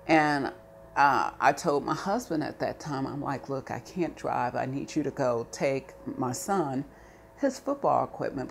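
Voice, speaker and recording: Low-voiced woman telling her story. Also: gravelly, slight background noise. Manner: animated, rising to anger when recalling. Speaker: interviewee. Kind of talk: personal storytelling.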